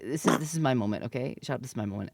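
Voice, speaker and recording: A woman's voice: extremely low pitch, lively intonation, rapid-fire, gravelly, dry recording. Giggly woman streamer, dry sound. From Canada. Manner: playful, giggly, swears freely. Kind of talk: casual live-stream chat.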